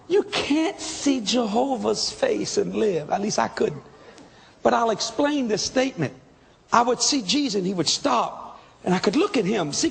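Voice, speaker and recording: A man preaching a testimony sermon, telling his story with excitable emphasis and sudden shouts. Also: sits high, gravelly, big-room sound.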